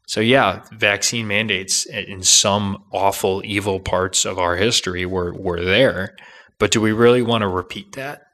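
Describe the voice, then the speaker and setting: A man's voice: on the low side, steady tone, measured pace, a bit bright. A young man hosting a political podcast, talking through an opinionated monologue that rambles, restarts and argues. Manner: rambling, combative, with restarts and asides.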